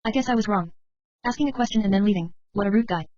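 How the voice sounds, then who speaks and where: A woman narrating a novel in the first person at a quick clip, her voice pitched right in the middle. The recording is dry and a little muffled, with no room sound around her. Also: dark tone, no room sound. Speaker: audiobook reader.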